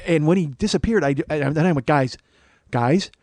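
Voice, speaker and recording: A man in his forties, a podcast host, telling a story in a profane, rambling way full of halting restarts. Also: a little high, a little mellow, no echo. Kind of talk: comic storytelling monologue.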